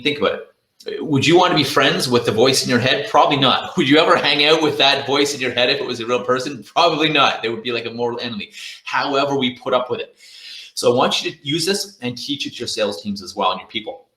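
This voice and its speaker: A man's voice: mid-range voice, sharp tone, echoey room. A man giving a sales training talk at a virtual conference, coaching the audience directly and acting out inner thoughts in quoted voices.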